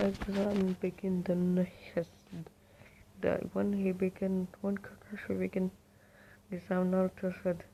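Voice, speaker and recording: A woman's voice: mid-range voice, monotone, measured pace, warm tone, a little hiss or hum. A woman telling a fan fiction story casually, rambling and profane, with frequent restarts.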